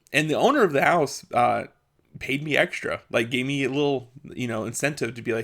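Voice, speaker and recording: A man's voice: mid-range voice, fairly bright tone. A young man telling a casual personal story, chuckling as he goes and restarting his sentences. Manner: laughs often, with quick restarts. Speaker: vlogger.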